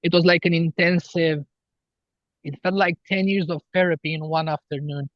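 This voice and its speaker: Man, podcast guest, earnest spiritual talk, higher voice, dull dry sound. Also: steady tone, no echo. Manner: slow, earnest, spiritual explaining. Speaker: guest healer. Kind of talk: podcast interview.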